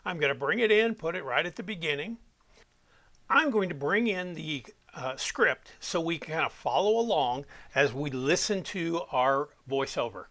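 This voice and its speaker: A man giving a step-by-step software walkthrough as an audio production instructor, talking while he clicks. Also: on the high side, expressive, normal speed.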